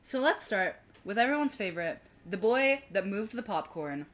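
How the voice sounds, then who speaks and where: A woman from the American South co-hosts a relaxed, comedic conversation. Her voice sits in the middle range but rises and falls lively. She keeps up playful, teasing banter with her partner. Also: mid-range voice, moderate pace. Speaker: co-host. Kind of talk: casual comedic chat.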